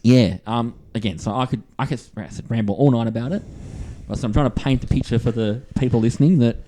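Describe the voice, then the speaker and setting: A man's voice: medium pitch, quick pace, warm tone, a little hiss or hum. An Australian man from Western Australia, co-hosting a casual podcast and telling rambling stories with acted-out quotes. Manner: rambling storyteller, acts out quoted voices. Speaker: podcast co-host. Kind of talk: casual chat.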